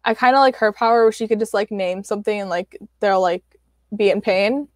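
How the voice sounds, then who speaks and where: A woman's voice: medium pitch, brisk, dry recording, studio quality. A young woman co-hosting a podcast in casual chat, bubbly, laughing often and filling her talk with "like". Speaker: podcast co-host.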